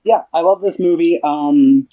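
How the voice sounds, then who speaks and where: A young man co-hosting a casual film podcast, retelling a movie scene with excitement and plenty of swearing. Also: fairly high pitch, a little slow, low-quality recording. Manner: excited, profane retelling with acted quotes. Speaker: podcast co-host.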